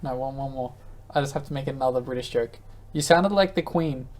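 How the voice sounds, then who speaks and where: A man's voice: medium pitch, fairly quick, a little mellow. A man as a guest on a casual podcast, swearing freely and mocking his friends.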